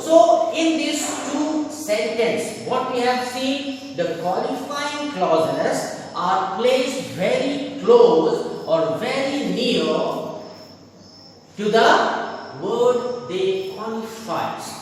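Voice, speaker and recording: A male teacher with an Indian English accent gives a grammar lesson very slowly, pausing over each example. His voice is high and lively in pitch. He sits far from the mic in a very echoey room with a long reverb tail. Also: a little hiss or hum. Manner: slow, repeats examples and rules. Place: school classroom.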